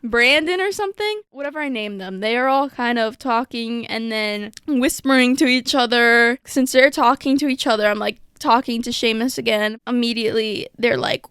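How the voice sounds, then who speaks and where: A woman's voice: on the high side, moderate pace, hardly any pauses, fairly bright tone, clear, resonant tone, no echo, studio quality. A young woman hosting her show, telling a personal story in a chatty, casual way full of "like". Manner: chatty, filler-heavy with lots of "like". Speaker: host.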